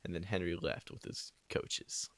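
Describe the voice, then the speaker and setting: A young man narrating a crude, improvised parody story into a home microphone, rambling and swearing with deadpan asides. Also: low-pitched, measured pace, vocal fry, no room sound. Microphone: new home microphone.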